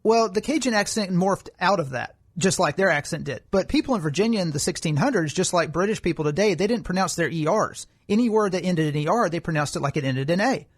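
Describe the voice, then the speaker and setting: A man's voice: sits high, animated, fast talker, hardly any pauses. A man co-hosting a political commentary podcast, explaining his views at length in an argumentative way. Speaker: podcast co-host.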